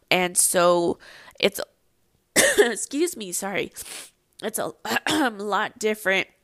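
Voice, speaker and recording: A woman's voice: on the low side, gravelly, fairly bright tone, dry recording. A young adult woman hosting a casual personal podcast, telling a story in a chatty, rambling way full of ums and likes. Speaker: podcast host.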